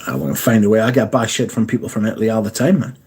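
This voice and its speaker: A man hosts a relaxed livestream, talking casually and swearing often as he reacts to his viewers. His voice has a slightly husky edge. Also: lowish voice, rapid-fire. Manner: sweary, chatty, reads viewer comments aloud. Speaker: livestream host.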